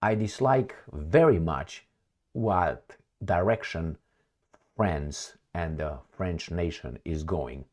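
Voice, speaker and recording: A man's voice: low-pitched, slow. A man from Romania, hosting a casual political commentary vlog in a sarcastic, rambling way. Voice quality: sarcastic, mocking. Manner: rambling, animated, frequent fillers and laughs.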